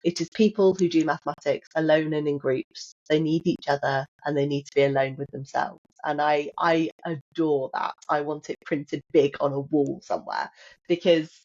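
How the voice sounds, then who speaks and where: A woman's voice: deep voice, moderate pace, a little mellow. A woman, a maths educator, speaking enthusiastically and reflectively in a casual podcast discussion. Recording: dull lo-fi sound.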